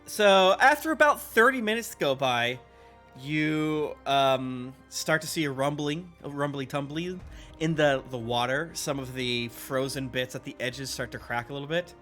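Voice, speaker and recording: A man narrating a tabletop game as game master, relaxed and descriptive with fillers. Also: mid-range voice, a little slow, soft background music.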